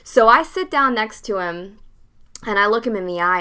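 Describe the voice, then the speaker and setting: Bright-voiced woman telling a blunt story. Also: mid-range voice, normal speed, clean tone. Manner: animated, acts out the dialogue of her story; blunt, swears freely. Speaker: podcast host. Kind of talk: casual storytelling.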